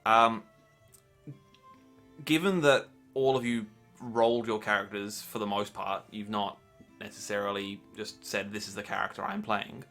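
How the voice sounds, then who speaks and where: A man's voice: on the low side, a bit bright. A man acting as game master, chatting casually about the campaign with frequent ums.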